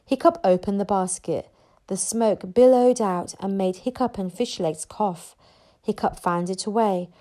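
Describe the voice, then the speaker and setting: A woman narrating a children's book aloud in an expressive storyteller manner. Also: medium pitch, unhurried.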